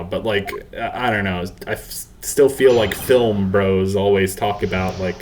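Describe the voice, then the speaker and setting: Hombre de voz grave que comenta un videojuego en tono casual y divagante, con música suave del juego de fondo. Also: male voice, lowish voice, normal speed, few pauses, a little mellow. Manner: rambling, self-deprecating, full of fillers and asides. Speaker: let's play host. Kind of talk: casual gameplay commentary. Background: faint game music.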